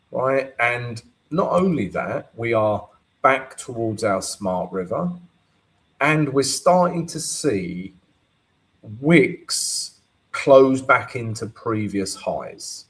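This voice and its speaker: A man's voice: lowish voice, poor audio. A man hosting a live trading stream, explaining charts casually and often checking in with "right?" and "you know". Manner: unhurried, keeps asking "right?" and "you know". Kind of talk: live market analysis and Q&A.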